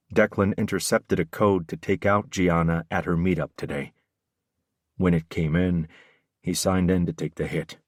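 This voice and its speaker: A man's voice: sits low, no echo, clean studio sound. A man narrating a first-person audiobook with an intense, brooding delivery.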